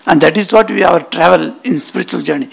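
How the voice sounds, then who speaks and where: A man's voice: a little high, quick pace, vocal fry, breathy edge. A man giving a spiritual lecture in an auditorium, telling stories emphatically and weaving in Sanskrit terms.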